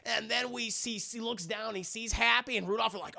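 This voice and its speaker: A man's voice: very high-pitched, fairly even intonation, a little fast, vocal fry, bright, forceful tone. A man streaming a casual, crude, joking movie recap to his chat, rambling as he goes.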